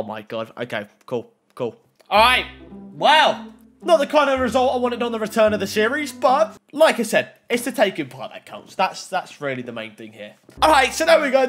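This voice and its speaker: An excitable young man narrates his football game as he plays, pleading with the screen and chatting to his viewers. His voice sits high and swings up and down a lot. Soft game music plays underneath. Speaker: gaming YouTuber. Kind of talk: gameplay commentary.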